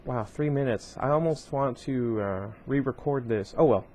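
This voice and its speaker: A man's voice: medium pitch, normal speed, darkish tone, a little hiss or hum. A man casually reading a novel aloud at home, breaking off often for rambling side comments full of fillers. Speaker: reader of a book series.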